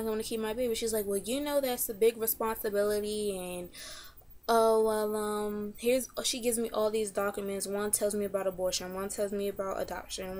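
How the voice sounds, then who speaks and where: A seventeen-year-old girl telling a story to her camera in a casual vlog, animated and indignant, acting out both sides of a conversation. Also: mid-range voice. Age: teens. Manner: animated, indignant retelling with quoted dialogue. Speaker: vlogger.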